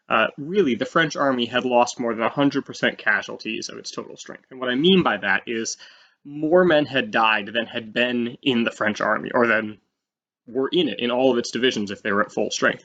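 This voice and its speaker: A man at medium pitch teaches a history lesson in a loose, conversational way. He drops in fillers and livens up the explanation by acting out short quotes. The audio is slightly dull and lo-fi. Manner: casual, animated, with fillers and acted-out quotes.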